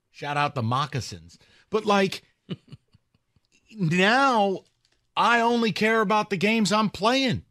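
A man co-hosting a sports talk podcast, opinionated and lively, posing questions to listeners. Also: high-pitched, no echo, clean studio sound. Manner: animated, opinionated, rhetorical questions.

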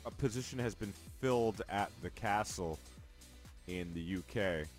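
A man's voice: fairly low pitch, measured pace, soft background music. Easygoing man, morning show co-host. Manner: easygoing, chuckling, stumbles and restarts. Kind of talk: casual morning show banter. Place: TV studio.

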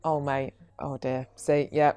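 A host in casual chat who reacts quickly and laughs often. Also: medium pitch, level tone, dark tone, clean tone.

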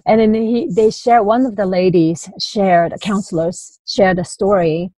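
A woman telling her personal story as a guest in an interview, in halting bursts with many restarts, asides and small laughs. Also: mid-range voice, fairly even intonation, dark tone, no room sound, rough recording. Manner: halting retelling with frequent restarts, "you know" and light laughs.

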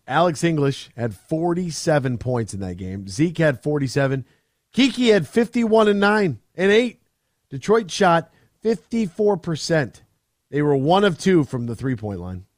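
A man's voice: fairly high pitch, no room sound, clean studio sound. A man hosting sports talk radio, chatting casually and rambling with restarts, mocking players in put-on voices. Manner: animated, rambling, mocks players with put-on quotes.

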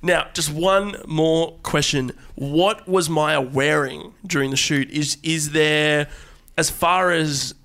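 A man's voice: a little high, takes it slowly, a bit bright. A man co-hosting a comedy podcast, rambling in a mock-serious, teasing way into a studio mic. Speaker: podcast co-host.

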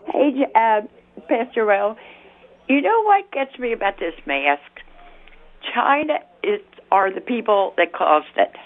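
Woman, radio caller, phone-line sound, lively voice, chatty, outspoken. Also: medium pitch, a little slow. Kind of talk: call-in radio chat.

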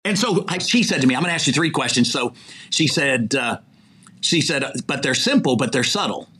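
An older man with a husky, slightly breathy voice tells stories as an interview guest. His pitch swings widely as he acts out the voices of people in his anecdotes. He chuckles between phrases. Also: a little fast. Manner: animated storyteller who acts out quoted dialogue and chuckles mid-sentence. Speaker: interview guest, executive recruiter. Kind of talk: storytelling in a podcast conversation.

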